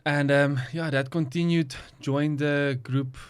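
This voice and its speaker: Smooth-voiced young man. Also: a little high, slow pace. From South Africa. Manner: relaxed, hesitant with many ums. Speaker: athlete guest. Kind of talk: casual interview chat.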